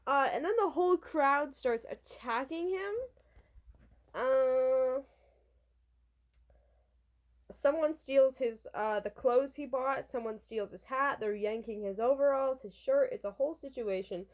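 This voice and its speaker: A woman's voice: high voice, unhurried. A young woman casually reviewing a manga from her college dorm room, chatty and rambling. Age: young adult. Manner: chatty and rambling, with restarts and fillers.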